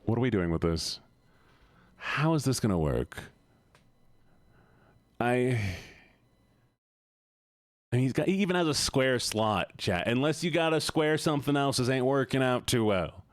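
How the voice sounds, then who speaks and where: A man's voice: medium pitch, sing-song, measured pace, pauses often, no room sound, studio quality. A young man live-streaming, joking with his chat in a casual, profane way.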